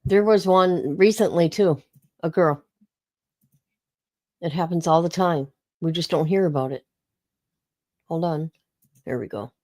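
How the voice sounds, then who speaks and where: A woman's voice: lowish voice, a little slow, pauses often, a little mellow. A woman chatting casually on a live stream, rambling and talking to her viewers by name. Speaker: interview guest streaming live.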